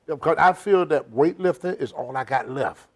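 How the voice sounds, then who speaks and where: A man's voice: on the high side, moderate pace. An older man, a senior citizen, telling emphatic, rambling stories with loose grammar as an interview guest. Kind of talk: shoot interview storytelling.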